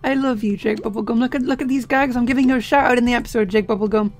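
A young man with a sore, tired voice, chatting jokily as he plays a game and sometimes shouting. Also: very high voice, steady tone, very fast, faint music behind. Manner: chatty, jokey, bursts into shouting. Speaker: let's play host. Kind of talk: casual gameplay commentary.

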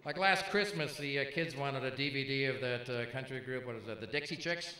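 A man's voice: mid-range voice, fairly quick, bright, forceful tone. A middle-aged man doing brash, punchy stand-up comedy on a club stage, bantering with the crowd. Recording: echoey live room with faint ambience.

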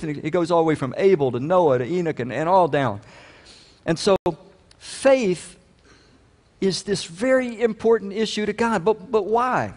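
A pastor preaching a sermon in a conversational way, growing loud and emphatic when he reads scripture. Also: fairly high pitch, long reverb tail. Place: church sanctuary.

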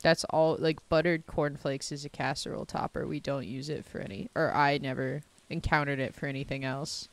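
A woman's voice: low voice, steady tone, a little fast, hardly any pauses. A young woman from the American South, streaming a game and rambling casually with lots of fillers and self-mocking asides. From Southern United States. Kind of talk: casual chat while gaming.

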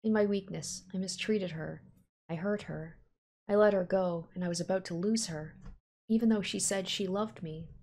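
A woman reading a brooding young man, low and quiet. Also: moderate pace. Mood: regretful. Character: reserved brooding young man, guarded and self-doubting. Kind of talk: reading visual novel dialogue aloud.

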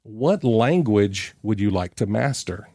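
A man's voice: on the low side, lively intonation, takes it slowly, warm tone, no room sound. A man hosting a podcast, chatting casually as he reads out quiz questions and riffs on the answers. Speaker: podcast host. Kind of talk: casual interview chat.

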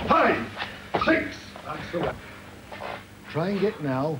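A gruff man training a wrestler in a gym, barking orders and encouragement. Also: fairly high pitch, expressive, takes it slowly, pauses often. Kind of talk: coaching in the ring. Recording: noisy 1980 TV documentary sound.

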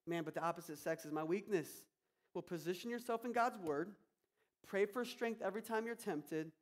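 A male pastor preaching a sermon with energy, acting out quotes and prayers. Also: high-pitched.

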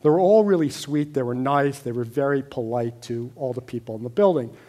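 A middle-aged American man telling a personal story on stage, wry and deadpan, growing animated at times. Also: medium pitch, a little fast. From United States. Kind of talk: storytelling talk.

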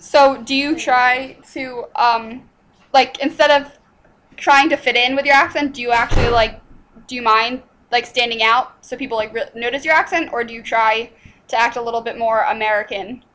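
A woman's voice: a little high, fairly even intonation, moderate pace, fairly bright tone, poor audio. A woman interviewing casually, asking long questions padded with fillers.

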